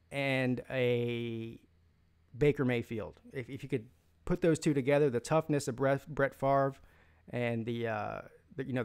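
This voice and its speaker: Casting: male live-stream sports host, opinionated, rambling, restarts and fillers, mid-pitched voice. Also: clean tone. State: has the hiccups. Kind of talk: live stream chat, reading comments.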